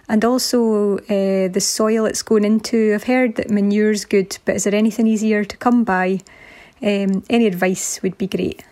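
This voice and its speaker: A woman's voice: mid-range voice, a little mellow. A woman leaving a recorded voice message with a gardening question, a bit hesitant. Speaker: listener caller.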